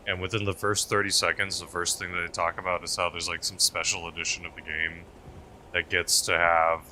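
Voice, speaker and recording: Low-voiced chatty man streaming a game. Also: a little hiss or hum. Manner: rambling, chatty, musing aloud; swings between loud bursts and mumbled asides. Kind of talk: casual live-stream commentary while playing.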